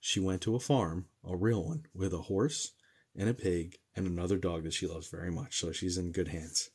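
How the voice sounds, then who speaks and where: A man's voice: low-pitched, fairly even intonation, normal speed, darkish tone, breathy edge. A young man from New Jersey, a medium, chatting casually and joking as he reads out and answers livestream comments.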